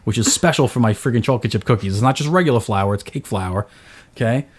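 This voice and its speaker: A man's voice: medium pitch, quick pace. A man in his thirties, a podcast host, telling a story in casual chat and acting out his own voice in quotes. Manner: animated, acts out his own yelling in quotes.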